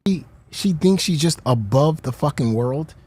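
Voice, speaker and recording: A woman's voice: deep voice, expressive, a little slow, darkish tone, breathy edge. A woman from the United States hosting a reaction show, talking bluntly with plenty of swearing and mocking laughter. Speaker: host. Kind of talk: heated reaction commentary.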